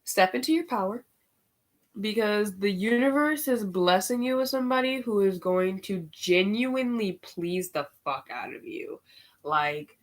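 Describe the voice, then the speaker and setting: A woman's voice: mid-range voice, animated, a little slow. A woman giving a casual spiritual tarot reading, chatty and candid, swearing and using slang freely, and getting worked up over the cards. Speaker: tarot reader.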